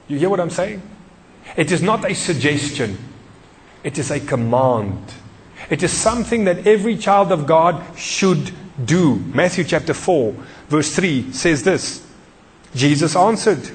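In a long, echoing church hall, a man with a fairly high voice preaches a sermon in an expressive, unhurried way. He hammers home each point by repeating key phrases and putting questions to the congregation.

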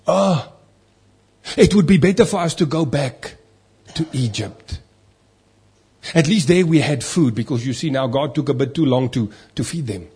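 A man preaching, his voice deeply husky and rough around the edges. He sits a little higher than most men and drives his points home with pointed rhetorical questions. Now and then he slips into mock whining voices to make a point. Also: darkish tone. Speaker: pastor. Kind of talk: sermon.

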